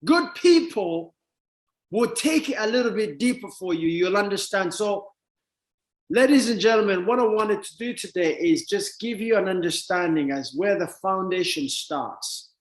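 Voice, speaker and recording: A man delivers a motivational talk in a high, lively voice that climbs toward near-shouts. He sounds set back from the microphone in a roomy, echoing space. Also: normal speed. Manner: emphatic, rising to near-shouts. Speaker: motivational speaker. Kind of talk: storytelling talk to an audience.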